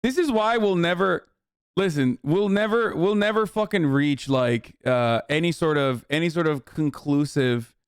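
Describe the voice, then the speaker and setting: A man talks to his live-stream chat in a loose, profane ramble, piling on restarts and fillers. His voice sits a little high and comes through smooth and resonant. The sound is close and dry, with no room around it. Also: a little slow, no room sound. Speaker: streamer reacting to clips. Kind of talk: casual live-stream commentary.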